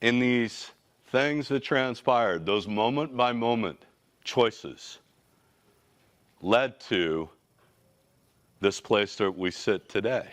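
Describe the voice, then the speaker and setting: A man in his forties, a company CEO, giving a motivational talk with energetic, casual and slangy storytelling. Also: medium pitch, slow pace, long pauses. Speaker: company CEO, guest speaker.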